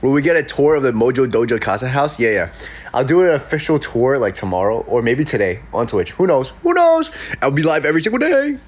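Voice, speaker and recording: Young male streamer, sniffly from a cold, playful and lively, jumping up and down in pitch while reading chat. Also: fast. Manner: playful, jokey, reacting to comments. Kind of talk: casual livestream chat. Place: his room in an apartment. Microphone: desk mic.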